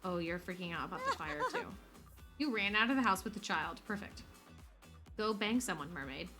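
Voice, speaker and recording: A woman's voice: mid-range voice, very animated, moderate pace. A woman casually commenting on a life-simulation game she is streaming, swearing freely and talking to her characters, with game music behind her.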